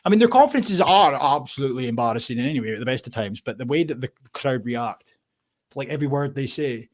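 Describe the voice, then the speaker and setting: Scottish male streamer, husky, sweary, rambly, casual chat. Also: medium pitch, animated, fast. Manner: sweary, rambling, laughs often. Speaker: livestream host.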